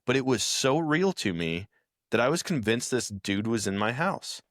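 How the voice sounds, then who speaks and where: A man's voice: medium pitch, very animated, normal speed, fairly bright tone, no echo, clean studio sound. A man co-hosting a podcast, talking earnestly in casual chat with loose slang. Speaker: podcast co-host.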